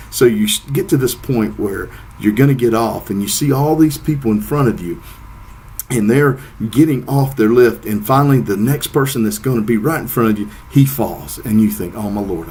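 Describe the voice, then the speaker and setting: Low-voiced man telling a story. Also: a little mellow, slight background noise. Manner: storytelling, laughs at himself. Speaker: speaker. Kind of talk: descriptive speech.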